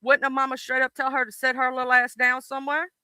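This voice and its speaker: A man with a Southern US accent hosting a casual stream chat, animated and swearing freely. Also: extremely high pitch, fast, a loud crowd. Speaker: stream host.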